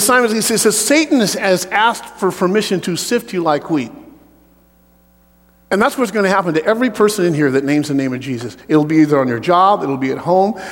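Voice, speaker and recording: High-voiced, animated male preacher. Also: long reverb tail. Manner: animated, joking asides. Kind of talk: sermon with personal testimony.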